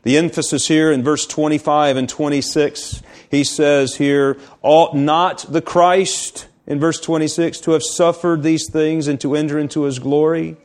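A man with a fairly high voice preaches a sermon. He reads scripture aloud and explains it verse by verse, slowing down to press on key words. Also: little pitch movement, a little mellow. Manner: slows down to stress key words. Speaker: pastor.

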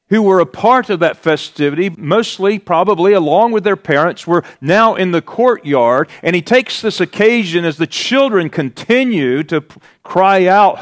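A man preaching a sermon as pastor, slow and deliberate, rising to emphatic peaks on key words. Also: high voice.

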